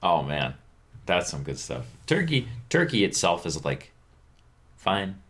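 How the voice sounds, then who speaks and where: A man co-hosting a podcast in casual chat, with a dry, deadpan, joking delivery. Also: low voice, a little slow. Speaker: podcast co-host.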